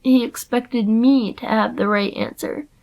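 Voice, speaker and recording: A woman reads a novel aloud in the first person, telling the story expressively. Her voice sits somewhat high. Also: steady tone, measured pace, gravelly, a little mellow, rough recording. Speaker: narrator.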